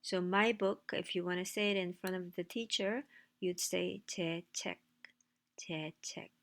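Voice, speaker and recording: A woman's voice: lowish voice, steady tone, moderate pace, a bit bright. A woman teaching a language lesson, explaining slides in a casual way with dry asides. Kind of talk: recorded lecture with slides.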